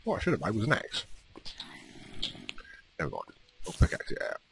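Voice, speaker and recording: Chatty man with a lively voice. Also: on the low side, normal speed, gravelly, slight background noise. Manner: chatty, teasing the game's monsters. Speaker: let's play host. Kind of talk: casual gameplay commentary.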